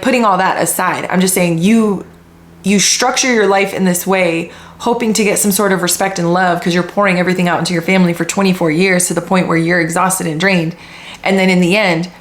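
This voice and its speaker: A woman podcast host talks in a blunt, opinionated way, swearing freely as she works through her points. Her voice sits at an ordinary middle pitch. The room around her adds a noticeable echo. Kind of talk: casual commentary.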